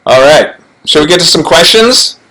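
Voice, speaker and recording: A middle-aged actor chatting alone to a webcam during a fan Q&A, playful and rambling with self-mocking asides, recorded on low-quality livestream audio. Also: male voice, animated, normal speed, sharp tone. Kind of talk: casual chat to webcam. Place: home, alone in front of a camera.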